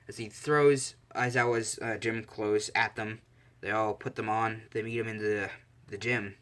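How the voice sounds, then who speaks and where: A man's voice: on the low side, fairly even intonation, a little slow, fairly bright tone. Man improvising a story, rambling. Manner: rambling, self-amused asides. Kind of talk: improvised casual story narration.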